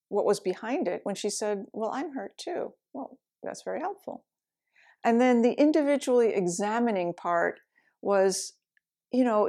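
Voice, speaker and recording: A woman's voice: mid-range voice, warm tone. A middle-aged woman, a meditation teacher, telling a personal story in a candid, reflective way, laughing now and then. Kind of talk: storytelling talk.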